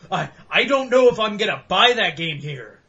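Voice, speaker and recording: A man's voice: high voice, very animated, normal speed, pushed and bright, lo-fi sound. A young man hosting a podcast, telling rambling, profane stories in casual chat with bursts of laughter. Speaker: podcast host.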